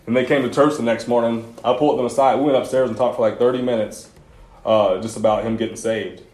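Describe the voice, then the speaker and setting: A youth pastor with a mid-range, steady, slightly mellow voice talks fast as he preaches to a youth group. His sermon is casual and conversational, full of personal stories and slangy asides, and the room is echoey.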